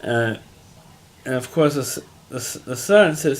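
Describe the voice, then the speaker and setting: A man's voice: medium pitch, lively intonation, measured pace. A man casually recapping a TV episode in a rambling monologue, restarting his sentences often. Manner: rambling, frequent restarts and fillers, plain-spoken. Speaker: TV episode reviewer.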